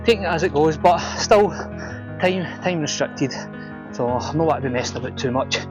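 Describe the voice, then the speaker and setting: A Scottish man chatting casually while hiking outdoors on a mountain ridge, out of breath and relaxed. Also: a little high, normal speed, over music. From Scotland. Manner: relaxed and chatty, says wee and aye often. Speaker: hiking vlogger. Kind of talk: casual outdoor vlog narration.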